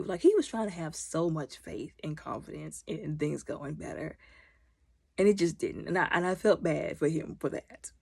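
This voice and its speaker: A woman recaps a TV episode with animated, opinionated commentary and talks back to the characters. Her voice is husky and a little low. The sound is close and dry. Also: moderate pace, no echo. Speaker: video recap host.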